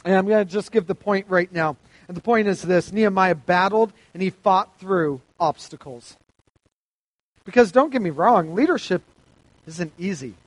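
A man preaching a sermon to a youth audience, reading scripture aloud with emphatic, animated delivery. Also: high voice, moderate pace, dry recording, low-quality recording.

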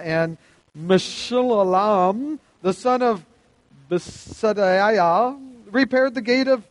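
A man delivering a sermon in a fairly high voice, animated and emphatic as he reads scripture aloud. The sound is dry and close, with no room echo. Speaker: preacher.

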